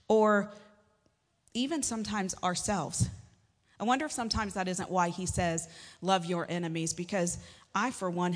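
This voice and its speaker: Woman preaching in a reverberant church. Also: medium pitch. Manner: conversational and joking, with sudden emphatic rises. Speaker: pastor. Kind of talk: sermon. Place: church sanctuary. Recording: long hall reverb.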